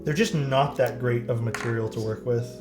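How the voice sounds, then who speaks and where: A man's voice: medium pitch, fairly even intonation, brisk. Young man, casual live-stream chat, talks to viewers while working, loose and chatty, faint music behind. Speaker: streamer building keyboards.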